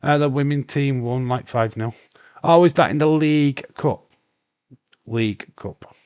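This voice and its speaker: A man with a Yorkshire accent chats slowly and loosely on a live stream, reading out viewers' messages and stumbling into restarts. He swears freely. The mic sound is close and dry, with no room around it. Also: medium pitch, a little mellow, smooth, no echo. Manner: swears freely, reads chat aloud, rambling with restarts. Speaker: livestream host. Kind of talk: casual live watch-along chat.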